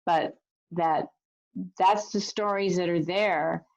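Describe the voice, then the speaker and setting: Woman storyteller, fairly low, gravelly tone, earnest and gentle, muffled video call audio. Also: steady tone, slow. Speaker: storyteller and teacher of refugee youth. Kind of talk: reflective storytelling talk.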